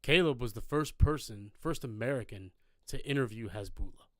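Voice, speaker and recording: Podcast guy rambling thru a story, swears a lot, mid pitch, dry close mic. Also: animated, normal speed, fairly bright tone, no room sound. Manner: loose, rambling storyteller with lots of profanity. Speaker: podcast co-host. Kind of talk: casual chat. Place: live podcast recording.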